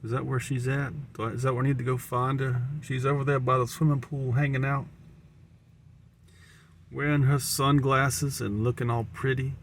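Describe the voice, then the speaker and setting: A man's voice: mid-range voice, level tone, normal speed, slight background noise. A man with a Southern American accent, musing aloud in a rambling monologue to camera, often repeating and restarting words. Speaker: vlogger. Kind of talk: rambling stream-of-consciousness monologue.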